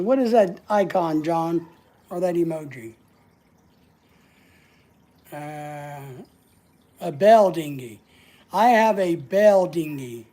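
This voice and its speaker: A woman's voice: lowish voice, mellow. A woman hosting a casual livestream, answering viewer comments in a playful, teasing way and laughing often. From United States. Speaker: livestream host.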